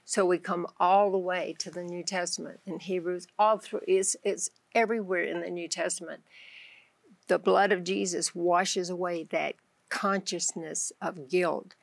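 A woman's voice: on the low side, fairly even intonation, unhurried, vocal fry, dry recording. A woman with a Texan accent, a guest on a Christian talk show, telling her faith story with animation and acting out her own prayers. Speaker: guest author.

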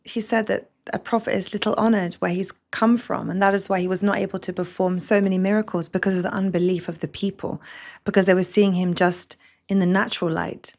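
A woman's voice: mid-range voice, fairly quick, vocal fry. A woman reading Bible passages aloud in a Bible study and adding brief comments. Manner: steady reading with soft affirming hums. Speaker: scripture reader.

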